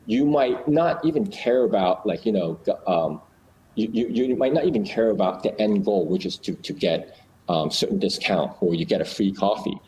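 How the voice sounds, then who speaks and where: A man with a fairly low voice talks casually and explains ideas through small scenes he acts out. He often restarts sentences and leans on fillers. A faint noise sits behind his voice. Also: lively intonation, moderate pace, mellow, rough recording.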